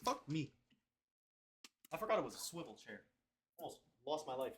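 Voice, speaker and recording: A man's voice: a little high, sing-song, moderate pace, a bit bright, slightly rough. A young man rambling through a confessional video diary at home on his webcam, trailing off and repeating himself. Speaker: video diarist.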